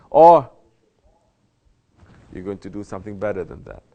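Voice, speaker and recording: A man's voice: mid-range voice, lively intonation, moderate pace, long pauses, a little mellow. A man teaching as a Sufi teacher, answering a question in a spoken sermon, emphatic and fond of rhetorical questions. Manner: emphatic, rhetorical questions, mock-quoting others. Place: Sufi lodge.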